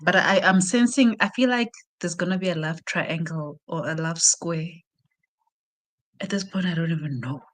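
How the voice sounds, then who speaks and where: A South African woman chatting casually on a live reading stream, retelling a book plot with animated asides. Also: fairly low pitch, normal speed. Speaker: reading sprint host. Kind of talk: casual chat.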